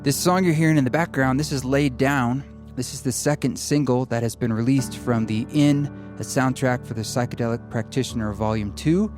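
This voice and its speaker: A man's voice: medium pitch, normal speed, few pauses. A man hosting a podcast and giving its outro in a casual, friendly promotional way. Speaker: podcast host. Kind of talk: outro announcement. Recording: voice over background guitar music.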